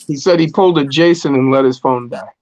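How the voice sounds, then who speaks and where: A man's voice: mid-range voice, fast talker, muffled recording, a crowd in the background. A man hosting a casual live stream chat with friends, joking and laughing often.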